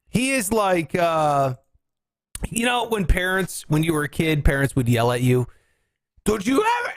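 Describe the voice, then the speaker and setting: A man's voice: on the high side, dry recording. Guy hosting a radio show, chatty and swearing, voice swoops up and down a lot. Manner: animated, profane, laughing. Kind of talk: casual chat.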